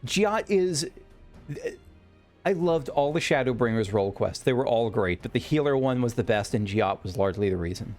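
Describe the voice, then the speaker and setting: Guy doing let's play commentary, lively up-and-down voice, amused, faint game music behind. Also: fairly low pitch, brisk, few pauses. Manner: chatty, amused, thinking aloud. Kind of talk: casual gameplay commentary.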